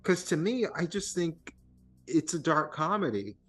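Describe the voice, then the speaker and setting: A man with a fairly high voice talks through a film in casual banter. He gets animated and mocking, and he swears freely. Faint music plays beneath him. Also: a little slow. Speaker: podcast co-host.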